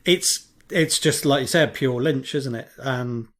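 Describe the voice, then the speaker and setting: A man's voice: mid-range voice, fairly bright tone. A man co-hosting a casual podcast, easygoing and agreeable, chiming in with short replies. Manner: agreeable, quick backchannels, easygoing. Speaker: podcast co-host. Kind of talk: casual chat.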